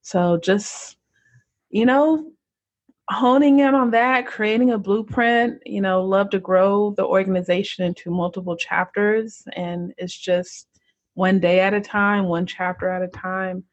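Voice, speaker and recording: A young woman from the United States speaks as a guest in an interview, earnest and reflective. Her voice has a husky, breathy edge and sits close and dry, with slightly dull lo-fi sound. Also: medium pitch, steady tone, a little slow, dry recording. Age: young adult. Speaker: podcast guest, entrepreneur. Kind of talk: casual interview chat.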